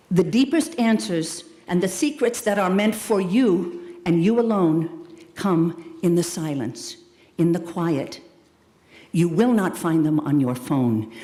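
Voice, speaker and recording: A middle-aged woman giving a commencement speech. She talks to the graduates in a warm, emphatic way, calls them "loves" and "darlings", and throws in playful, dramatic asides. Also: on the low side. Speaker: commencement speaker. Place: large hall at a school ceremony. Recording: echoey hall, long reverb.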